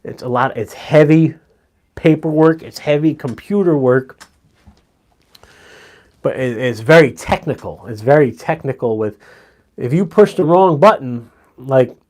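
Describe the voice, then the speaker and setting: A middle-aged man chatting casually on a live stream, telling animated stories, swearing freely and chuckling as he goes. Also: a little high.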